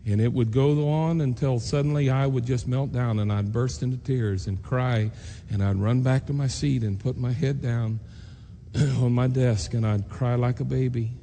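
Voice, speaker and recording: A man's voice: mid-range voice, steady tone, normal speed, warm tone. A man preacher telling a personal story in an earnest, emotional sermon, acting out the voices of people he quotes. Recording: long reverb in a large hall, faint noise.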